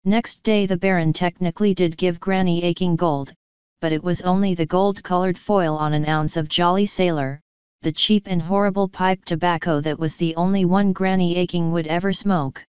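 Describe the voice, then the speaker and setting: A woman narrating an audiobook in a steady, even storytelling manner. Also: on the low side, normal speed, clear, resonant tone, dry recording, muffled recording.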